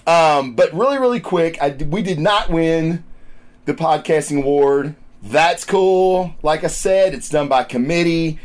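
A man hosting a podcast in casual chat, loud, profane and excitable. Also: fairly high pitch, a little slow. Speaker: podcast host. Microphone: studio microphone.

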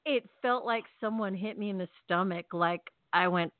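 A woman telling a long story in casual chat, animated and chatty, acting out her own lines. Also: on the high side, fairly quick, no room sound. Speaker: podcast co-host. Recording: tinny phone-like call audio.

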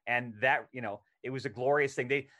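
A middle-aged actor appears as a podcast guest and tells an animated anecdote in casual conversation, performing the lines he quotes. His voice is medium-pitched and brisk.

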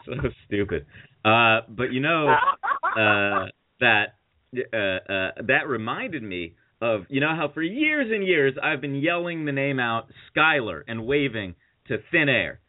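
A man's voice: mid-range voice, takes it slowly, a little hiss or hum. Man, podcast host, rambling anecdotes, tinny phone-like audio. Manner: rambling, animated storytelling with quoted voices. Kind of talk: casual chat, storytelling.

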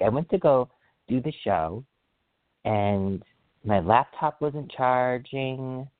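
A man hosting a solo podcast, chatting casually in an excitable, rambling way and often apologizing for going off track. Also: medium pitch, no room sound. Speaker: podcast host. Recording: dry, phone-like sound.

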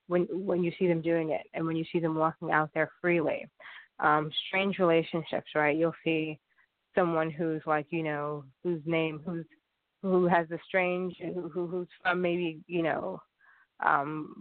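A man's voice: on the high side, dry recording. Tinny-sounding man rambling in monologue. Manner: rambling, repeats and restarts often. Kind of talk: casual monologue. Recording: tinny phone-like sound, dry.

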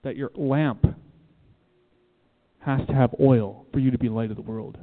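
In a church room, a man preaches a sermon with emphasis, repeating key phrases and putting questions to his listeners. His mid-range voice is unhurried and fairly even in intonation. The recording sounds tinny, like a phone, with a long reverb.

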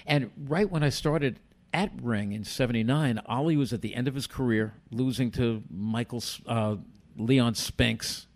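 An older man, a podcast guest telling animated stories and acting out the dialogue. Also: mid-range voice, unhurried. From United States. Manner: animated storyteller who acts out quoted dialogue. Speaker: guest, former boxing commissioner. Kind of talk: casual storytelling on a podcast.

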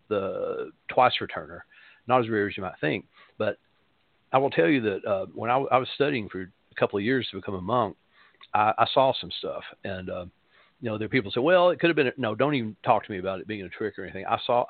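A man's voice: lowish voice, vocal fry, no room sound, narrow, tinny audio. A man, a pastor and show host, giving a spiritual talk and telling stories in a rambling way, repeating phrases for emphasis.

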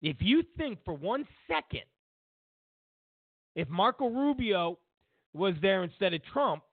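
A man's voice: high-pitched, sing-song, takes it slowly, vocal fry, no room sound. A man hosting a political commentary show, mocking and sarcastic, repeating lines for emphasis. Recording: tinny phone-like sound.

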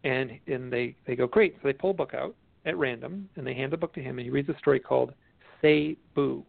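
A man, an author and guest expert, telling a story in an animated, rambling way with many restarts. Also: medium pitch, fairly quick, creaky, dry recording. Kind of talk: storytelling interview chat. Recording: tinny phone line.

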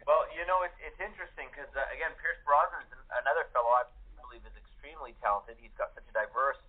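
A man's voice: mid-range voice, slightly rough. Thoughtful male guest on a phone line. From Canada. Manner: measured, thoughtful, explaining. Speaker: actor and director guest. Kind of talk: casual interview talk.

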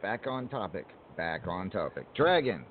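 Low-voiced male talk show host, tinny line. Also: big pitch swings. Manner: steers the talk back on topic, halting restarts. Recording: tinny phone-like line, faint noise.

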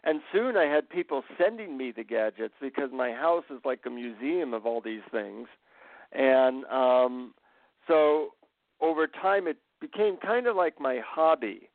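A man, a guest author, telling relaxed stories in a casual interview. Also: mid-range voice, unhurried, dry recording. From America. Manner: relaxed anecdotal storytelling. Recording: tinny phone line.

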